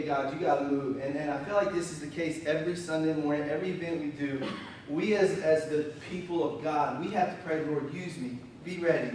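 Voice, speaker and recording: Youth pastor preaching in an echoey hall. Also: male voice, a little high, far from the mic, a little hiss or hum. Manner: animated, conversational, breaks into laughter. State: slightly strained voice. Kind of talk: storytelling sermon. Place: church hall.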